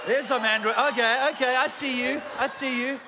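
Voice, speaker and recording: A man's voice: very high-pitched, steady tone, moderate pace, a loud crowd, heavy background noise. A man pastor preaching a sermon in a church auditorium, joking at his own expense and stacking emphatic repeated lists. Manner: humorous, self-deprecating asides. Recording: long hall reverb in a church.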